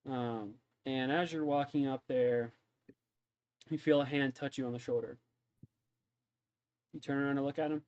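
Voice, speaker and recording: A man's voice: mid-range voice, fairly even intonation, normal speed, pauses often, darkish tone. Casual man narrating a tabletop game. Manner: casual, filler-heavy narration. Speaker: game master. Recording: dull dry lo-fi mic.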